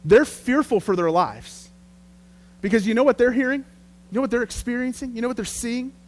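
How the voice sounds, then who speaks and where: A man preaching a sermon as pastor, telling the story in a lively, conversational way. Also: extremely high pitch, normal speed.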